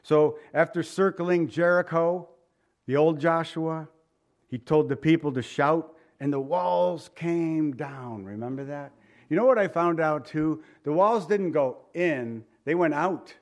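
A man's voice: fairly high pitch, a little slow. A man preaching a sermon in a folksy, joking way, with asides, repeated phrases and rhetorical questions.

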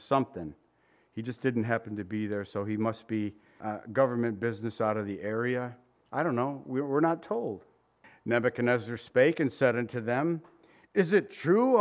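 A man preaching a sermon, retelling old scripture passages in a relaxed, joking way with voiced asides. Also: mid-range voice. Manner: reads old-fashioned scripture passages aloud.

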